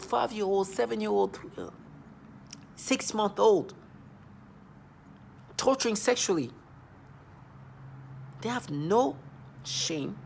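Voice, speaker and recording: A man's voice: high voice, creaky, a little hiss or hum. A man in his thirties ranting in an agitated, repetitive, accusing monologue to camera. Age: 30s. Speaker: vlogger.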